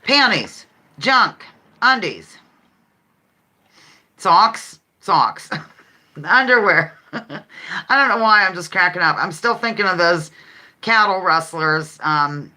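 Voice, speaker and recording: A woman hosts a casual live-stream game show and chats easily with her viewers. She reads their answers aloud and giggles often. Her voice is bright and swings freely up and down. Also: on the low side. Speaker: livestream host.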